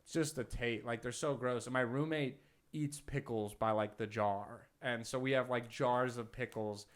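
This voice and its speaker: A man's voice: medium pitch, steady tone, moderate pace. A young man, a podcast host and comic, chatting casually and rambling through a story with lots of "like" fillers. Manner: rambling storyteller, heavy filler "like", acts out quotes loudly. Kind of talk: casual chat.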